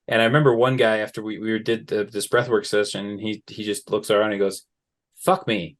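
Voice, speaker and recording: Relaxed man telling stories. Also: lowish voice, a little fast. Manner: storytelling, acts out quoted voices, relaxed. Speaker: guest, men's work facilitator. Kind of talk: conversational interview.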